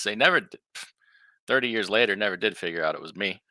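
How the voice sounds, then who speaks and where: A man's voice: on the low side, lively intonation, fast, pushed and bright, dry recording. A man, a guest on a live talk show, telling a funny story with chuckles and repeated words.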